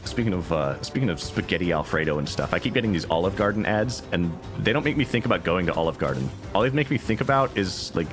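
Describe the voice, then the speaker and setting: A man streaming a video game who rambles casually in an animated way, full of asides. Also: sits low, fast, few pauses, music in the background. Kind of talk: casual gameplay commentary.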